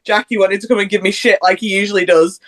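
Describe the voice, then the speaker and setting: A woman's voice: mid-range voice, steady tone, quick pace. A woman hosting a casual podcast chat, talking about wrestlers in a chatty way. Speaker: podcast host.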